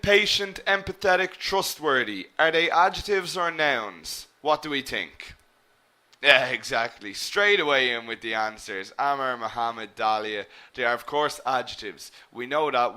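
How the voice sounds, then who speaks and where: A man teaching an online business English lesson, encouraging his students, naming them as he checks their answers, and often asking "okay?". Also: mid-range voice. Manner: lively emphasis with frequent "okay?" and "guys".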